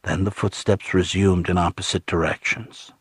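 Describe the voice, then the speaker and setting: A man with a husky voice, narrating an audiobook in a low, grave, hushed tone. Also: fairly even intonation, moderate pace, no echo, studio quality.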